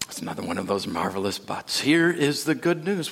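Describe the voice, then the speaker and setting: A man preaching a sermon in a church sanctuary, dramatic, with sudden drops to a hush and rising emphasis. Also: on the low side, very animated, fairly quick. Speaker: pastor.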